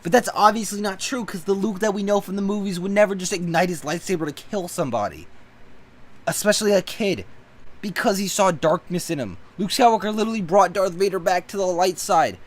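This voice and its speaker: A man's voice: sits high, brisk. A man reviewing a movie in a casual, blunt and profane opinion rant that keeps getting worked up.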